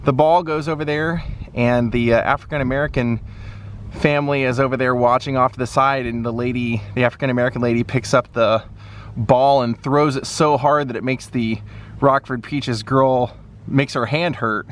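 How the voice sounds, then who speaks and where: A man hosts a casual walking vlog outdoors around a stadium. He talks in a rambling, chatty way with plenty of ums, at an ordinary mid-range pitch. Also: steady tone, normal speed. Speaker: travel vlogger visiting film locations.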